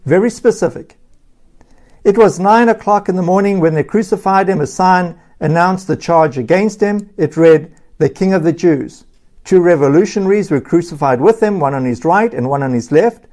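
A Bible teacher reading scripture slowly and deliberately, stopping for emphatic asides and sometimes repeating words. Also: medium pitch, darkish tone. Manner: repeats words and restarts phrases.

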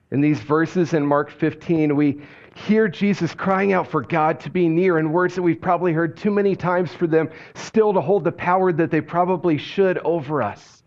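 A man preaching a sermon, speaking slowly and quietly, often dropping his voice low on key phrases. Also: highs cut off. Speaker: pastor.

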